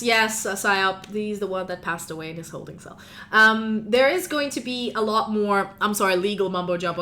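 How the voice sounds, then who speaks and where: A woman's voice: mid-range voice, pushed and bright. A woman narrating and running a tabletop role-playing game in a casual, rambling way, with many fillers. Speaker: game master.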